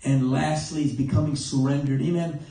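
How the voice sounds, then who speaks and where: A man's voice: a little high, steady tone, dark tone. A man preaching an evening church sermon, breaking in with "amen" and often stopping to correct himself. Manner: punctuates with amen, halting with self-corrections. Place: church sanctuary. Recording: very echoey church, mic far off.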